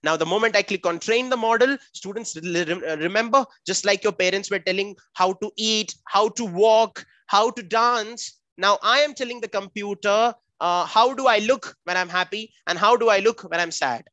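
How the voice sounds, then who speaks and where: A man's voice: high voice, normal speed, hardly any pauses, pushed and bright, dry recording. A man with an Indian English accent teaching a live online coding class for children, upbeat and chatty, calling on students by name.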